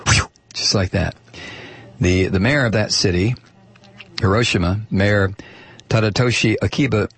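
Male talk radio host, husky and dry, opinionated reader of listener mail. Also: lowish voice, a bit bright, dry recording. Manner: chatty and opinionated, reads listener mail aloud.

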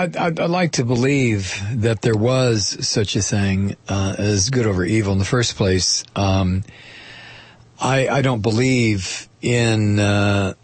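A man hosting a talk radio show, musing aloud in a halting way with many fillers and restarts. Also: on the low side, slightly rough, dry recording.

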